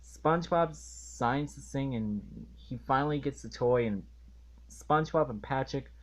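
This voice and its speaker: A man reviewing a cartoon episode in an indignant rant, halting and restarting as he talks. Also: medium pitch. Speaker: video reviewer.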